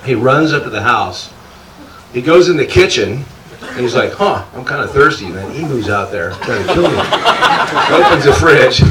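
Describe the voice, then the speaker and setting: A man telling a funny story casually, laughing often and acting out what others said. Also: medium pitch. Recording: echoey, distant, loud background noise.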